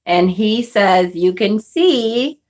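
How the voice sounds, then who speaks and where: A woman's voice: medium pitch, animated, slow, a little mellow. A woman vlogger telling a personal story in a casual, chatty way, swearing and laughing often.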